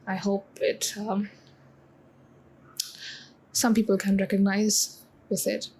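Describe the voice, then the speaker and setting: A woman in her twenties talking in a confessional vlog, halting with many pauses and close to tears. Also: medium pitch, level tone, a little mellow, slight background noise, poor audio. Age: 20s. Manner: halting, full of pauses and restarts. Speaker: vlogger.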